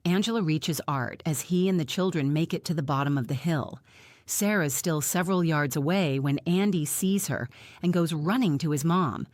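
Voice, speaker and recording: A woman narrating an audiobook in the first person, reading in an even, measured way. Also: deep voice, no room sound, clean studio sound.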